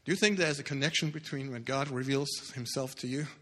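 Bright-voiced man preaching in a reverberant hall. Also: quick pace. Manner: dramatic, swings from loud bursts to hushed low lines. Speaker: pastor. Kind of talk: sermon storytelling.

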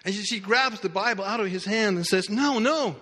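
A man's voice: high-pitched, steady tone, a little fast, bright, forceful tone. A man preaching a sermon, telling a story dramatically with emphatic restarts. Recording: echoey hall reverb.

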